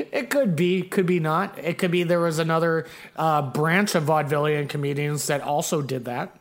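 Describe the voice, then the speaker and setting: A man's voice: fairly high pitch, steady tone, moderate pace. A man co-hosting a podcast in casual chat, rambling with many fillers as he tells a story. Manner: rambling, lots of fillers and restarts. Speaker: podcast co-host.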